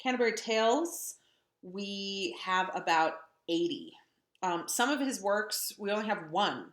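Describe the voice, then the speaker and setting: A woman lecturing on literature in a chatty, wry way, filling pauses with ums. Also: mid-range voice, very animated, a bit bright. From North Dakota. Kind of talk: classroom lecture. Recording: echoey room.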